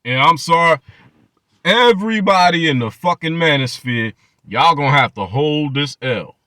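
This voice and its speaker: A man's voice: on the high side, lively intonation, normal speed, sharp tone, dry recording, studio quality. A man hosting his channel, ranting in profane reaction commentary and mocking people with repeated phrases. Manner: mocking, profane rants with many repetitions. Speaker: channel host.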